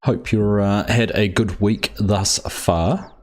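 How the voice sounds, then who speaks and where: A man's voice: fairly low pitch, steady tone, slow pace, darkish tone. A man hosting a live farming game stream, chatting casually and greeting viewers by name while he plays. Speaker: livestream host. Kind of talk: casual gameplay commentary.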